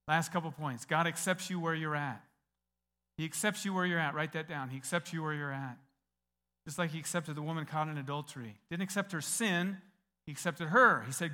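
A middle-aged American man preaching a sermon, telling a story with lively acted-out quotes. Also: a little high, fairly quick. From United States. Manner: animated storyteller, acts out quoted voices. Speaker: pastor.

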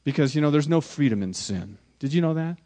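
A pastor preaches a sermon emphatically, swinging from loud exclamations to hushed lines and often repeating words for emphasis. His voice is fairly high-pitched and expressive, and his pace is a little fast.

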